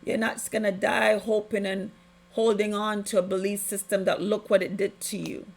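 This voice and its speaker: A woman's voice: medium pitch, flat delivery, normal speed, gravelly. A woman hosting a podcast, giving an impassioned, preachy spiritual testimony with heavy emphasis. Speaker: podcast host.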